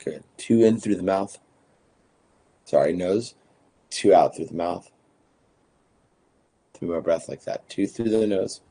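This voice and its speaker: A man guiding a breathing practice, calmly counting breaths and giving short instructions. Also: low-pitched, slow pace, creaky, pauses often, husky. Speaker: breathwork guide.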